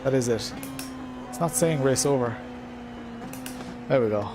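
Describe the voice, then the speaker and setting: A man hosts his own sim racing livestream in an easygoing, rambling way, often pausing on um and uh. His voice sits at an ordinary middle pitch for a man. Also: background noise. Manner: chatty, rambling, lots of ums and uhs. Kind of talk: casual livestream chat while gaming.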